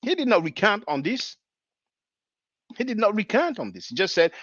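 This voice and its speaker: A man's voice: high-pitched, huge pitch swings, normal speed, a bit bright, dry recording, muffled recording. A man giving chatty, mocking commentary on video clips, with many fillers.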